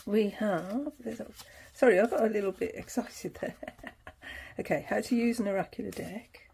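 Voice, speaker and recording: A woman's voice: medium pitch, moderate pace, creaky, darkish tone, a little hiss or hum. A woman hosting her tarot channel, chatting casually through an unboxing, laughing easily and reading passages aloud.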